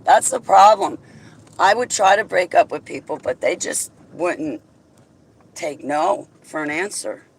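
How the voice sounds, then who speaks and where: A woman's voice: on the low side, lively intonation, measured pace, husky, poor audio. A woman venting bluntly and argumentatively in a casual vlog. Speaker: vlogger. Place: in and around a car outdoors. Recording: outdoor traffic noise.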